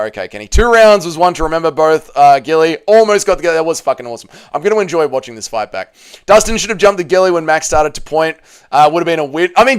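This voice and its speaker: A man hosting a casual livestream, reading chat aloud and swearing, his voice climbing when upset. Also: clear, resonant tone. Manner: emotional, repeats himself, swears, rises in pitch when upset.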